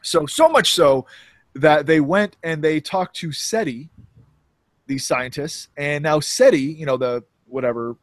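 Male podcast co-host, slightly higher voice, halting and rambling delivery, dry close mic. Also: dry recording. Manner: rambling, halting with many restarts. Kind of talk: casual chat.

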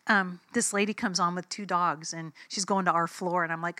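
A woman's voice: on the low side, steady tone, normal speed, few pauses, bright, forceful tone, no room sound. A woman preacher giving a sermon in a conversational, emphatic way, telling personal stories and acting out the dialogue.

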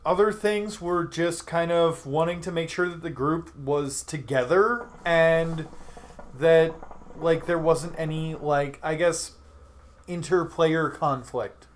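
A man's voice: a little high, steady tone, slow. A young man, a tabletop game master, answering interview questions in a casual chat, rambling with fillers and restarts.

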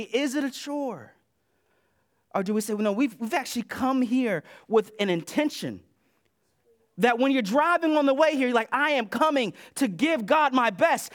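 A man with a very high voice preaches to his church on a PA mic. He keeps it conversational, acts out the voices he quotes, and swings his delivery between loud and soft. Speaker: pastor. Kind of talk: sermon. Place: church sanctuary.

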